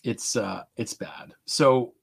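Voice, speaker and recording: A man's voice: mid-range voice, slow pace, gravelly, breathy edge. A man co-hosting a podcast in casual political chat, wry and self-deprecating, swearing freely. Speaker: podcast co-host.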